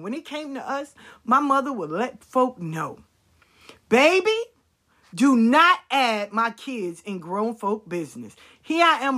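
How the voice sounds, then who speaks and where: Brief: woman vlogger, fairly high voice, swears freely, hammers points by repeating them. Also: pushed and bright. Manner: blunt, profane storytelling; emphatic repetition. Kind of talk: casual monologue to viewers.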